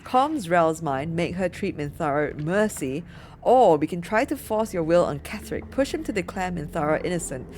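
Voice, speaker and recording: A woman casually commentating a video game, chatty, excitable and often apologetic. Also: on the low side, moderate pace, a little hiss or hum. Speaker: let's play streamer.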